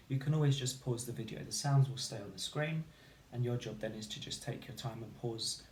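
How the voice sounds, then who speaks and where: A man's voice: medium pitch, a little mellow, roomy sound, slight background noise. Encouraging male teacher sounding out letters. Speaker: primary school teacher. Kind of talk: phonics lesson for children.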